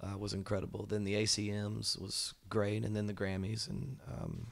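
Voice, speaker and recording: A man, a musician and songwriter, talking about his work in a relaxed, thoughtful way with many fillers. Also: lowish voice, normal speed, creaky. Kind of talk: casual interview chat. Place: indoor music venue.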